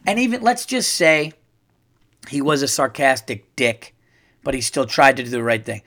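A middle-aged man hosting a podcast, telling a comedic story in a profane, animated rant and acting out the quotes. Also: on the high side, moderate pace, gravelly. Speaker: podcast host. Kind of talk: ranting comedic monologue.

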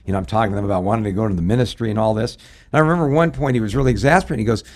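A man's voice: on the low side, racing, a little mellow. A middle-aged man, a pastor, talking in a folksy way, telling stories and quoting scripture in a ministry radio discussion. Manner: folksy, anecdotal, quotes scripture.

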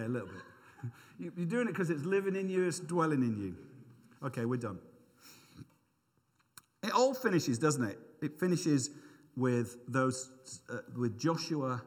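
A middle-aged man giving an informal, conversational sermon, thinking aloud with self-deprecating asides. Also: mid-range voice. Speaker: preacher. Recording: long hall reverb.

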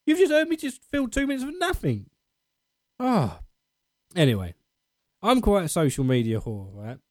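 A man's voice: high-pitched, wildly swooping pitch, normal speed, dry recording. A man with an Essex accent hosting his podcast segment, rambling and self-mocking in casual chat. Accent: Essex English.

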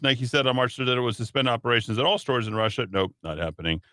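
Bright-voiced man hosting talk radio. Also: medium pitch, expressive, fast, few pauses, no room sound. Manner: rambling, reads headlines then riffs with filler words. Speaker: radio talk show host. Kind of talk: talk radio news rundown with asides. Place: radio studio. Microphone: studio microphone.

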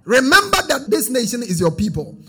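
Husky high-voiced male preacher, sing-song. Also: wildly swooping pitch, a little fast, sharp tone, faint music behind. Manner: sing-song preaching cadence, call-and-response. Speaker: pastor. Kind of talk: sermon.

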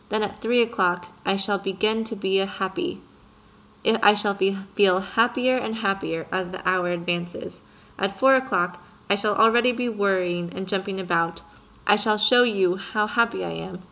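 A woman voicing a wise, patient male fox in a storybook, reading in a gentle, earnest way. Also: mid-range voice, steady tone, normal speed, close to an everyday voice, rough recording. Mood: eager.

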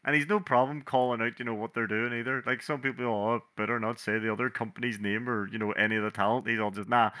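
Bright-voiced Scottish man chatting. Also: mid-range voice, fairly even intonation, fast, hardly any pauses. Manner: chatty, mimics people in quotes. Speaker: podcast co-host. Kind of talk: casual chat.

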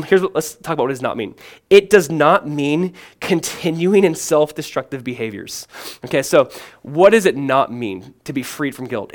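A pastor preaching with earnest emphasis, his voice sitting a touch higher than most men's. He poses question after question and answers them, shifting between ringing proclamation and quiet, close asides. He keeps it conversational, dropping in a casual "man" now and then. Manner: earnest and emphatic, asks and answers questions, swings from loud to hushed. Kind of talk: sermon.

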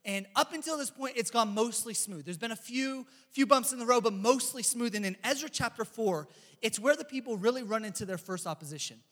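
A young man giving a casual youth sermon, chatty and animated, telling stories and reading scripture. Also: extremely high pitch, fairly quick. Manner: animated, chatty, lots of "like" and "bro". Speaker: youth pastor. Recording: echoey hall reverb.

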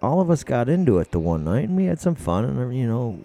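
A man's voice: mid-range voice, sing-song, fairly quick, gravelly, mellow, slight background noise. A man casually telling a rambling, profane story among friends on a talk show.

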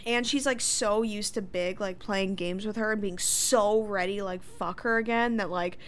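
A woman's voice: mid-range voice, steady tone, normal speed. A young woman co-hosting a podcast, animatedly retelling a TV episode in casual chat with frequent giggles. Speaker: podcast co-host.

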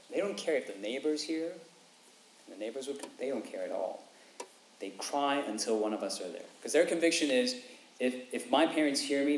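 A man, a father with young kids, preaching a sermon in an animated way, repeating phrases for emphasis and acting out quotes. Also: medium pitch, slight background noise. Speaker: pastor. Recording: echoey room, faint ambience.

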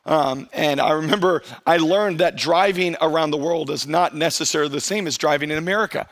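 A middle-aged male pastor preaching a conversational sermon, drawing out key phrases slowly for emphasis and acting out the voices of churchgoers. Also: on the high side, a bit bright.

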